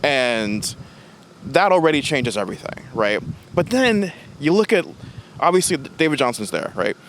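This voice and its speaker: A man guesting on a podcast, reviewing a film in lively, expressive casual chat with frequent laughs. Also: on the high side, moderate pace, a little hiss or hum.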